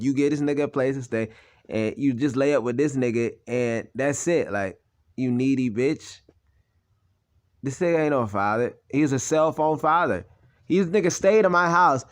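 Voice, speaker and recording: A young man talks straight to his audience in a loose, rambling monologue. His words are blunt and often profane, and his voice sits at an ordinary male pitch. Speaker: channel host. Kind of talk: personal monologue.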